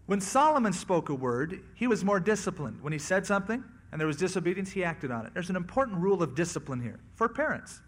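Conversational male pastor, slightly high voice. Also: sing-song, fast talker, hardly any pauses, a bit bright. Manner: conversational, acts out quoted voices. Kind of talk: expository sermon on scripture.

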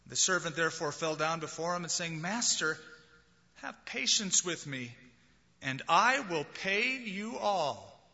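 A man preaching a sermon, expressive and acting out the voices of people he quotes. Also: a little high. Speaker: pastor. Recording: dull lo-fi recording in a large hall.

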